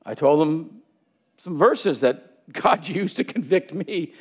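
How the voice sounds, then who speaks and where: A man's voice: fairly high pitch, animated, slow, slightly rough. A man preaching a sermon, telling a personal story and acting out the dialogue in it.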